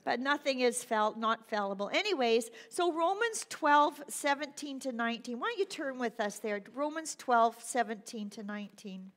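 A middle-aged woman pastor preaching a sermon in a church, animated and self-deprecating, acting out little voices. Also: on the high side, normal speed, few pauses. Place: church sanctuary. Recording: long hall reverb.

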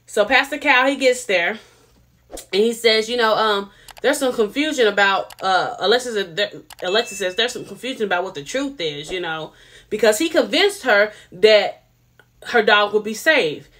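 A woman's voice: mid-range voice, animated, normal speed, a bit bright. A woman, giving casual, sassy commentary on a reality TV episode and repeating herself for emphasis. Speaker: reality TV reviewer.

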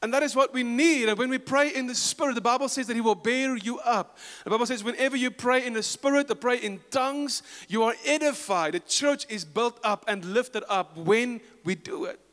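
South African male pastor, high voice, passionate sermon, long church-hall reverb. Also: normal speed, few pauses. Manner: passionate preaching, swinging between loud rises and quiet storytelling. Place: church sanctuary.

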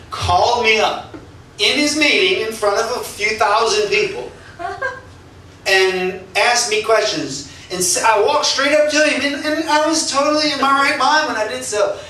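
A man's voice: high-pitched, sharp tone, slight background noise. A male pastor preaching and telling stories with animation, often laughing as he speaks. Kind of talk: sermon with personal storytelling. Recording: echoey church hall, mic at a distance.

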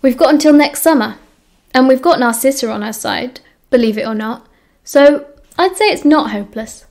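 A woman's voice: high-pitched, expressive, normal speed, darkish tone. A woman with a British accent reading the lines of a teenage boy who takes charge, speaking firmly. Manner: firm, authoritative.

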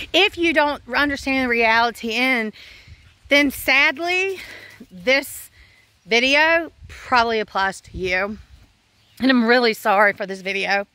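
Bright-voiced woman homesteader vlogging. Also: mid-range voice, smooth, no room sound. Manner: rambling, frank, with sighs and fillers. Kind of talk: casual talk to camera. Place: outdoors on a farm. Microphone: phone.

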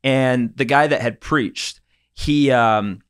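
A man's voice: mid-range voice, slow, clean tone. A man, a pastor, telling stories in an earnest, casual podcast talk. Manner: storytelling, earnest.

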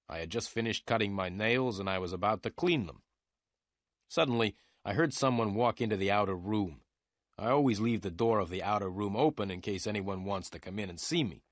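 Brief: male narrator, fairly low voice, dry close recording, steady learner-story reading. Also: no room sound. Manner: clear, measured first-person storytelling.

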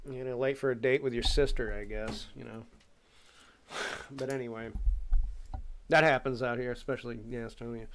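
A man talking casually and profanely on a stream, telling animated stories. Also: mid-range voice, fairly quick. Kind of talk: casual rant.

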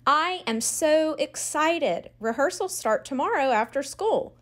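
Woman voicing young girl, excitable, whiny, high-pitched. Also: moderate pace. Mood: excited.

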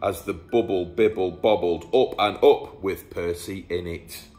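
A man's voice: low voice, unhurried, a little mellow. A man, a teacher, reading a rhyming bedtime story aloud in a playful storytelling manner. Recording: echoey room.

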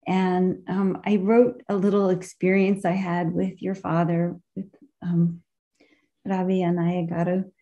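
A woman sharing a heartfelt personal memory at a memorial gathering, pausing often to search for her words, heard over a video call. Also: on the low side, flat delivery, dark tone, dull audio.

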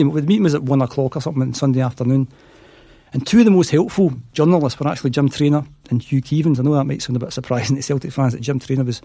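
A man's voice: a little high, mellow, slightly rough, dry recording. A middle-aged Scottish man, a podcast guest, telling stories and acting out the dialogue in them. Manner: acts out quoted dialogue in his stories. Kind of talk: anecdotal storytelling.

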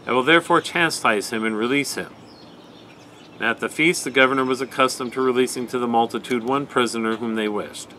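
A man leading a night prayer service, giving a measured, even scripture reading. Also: medium pitch, a little hiss or hum, low-quality recording.

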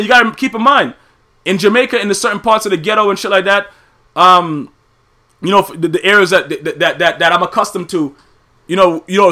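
A man hosting a podcast, animated and profane in a casual rant, who keeps asking "you know what I'm saying". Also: high voice. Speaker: podcast host.

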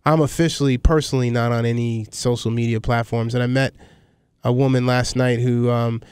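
A middle-aged man talking candidly as a guest in an interview, rambling and animated as he tells stories. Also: mid-range voice, fairly quick, smooth, no echo. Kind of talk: conversational interview.

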